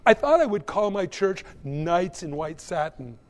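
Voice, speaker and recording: A man's voice: high-pitched, big pitch swings, unhurried. A man voicing a laid-back, spacey hippie man who talks with a drawl, in an echoey hall.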